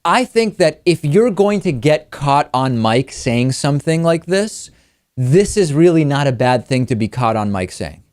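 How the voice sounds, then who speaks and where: A man's voice: fairly high pitch, big pitch swings, darkish tone, no room sound, studio quality. A man hosting a political talk show, giving emphatic, argumentative news commentary. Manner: emphatic, argumentative, quickens when pressing a point.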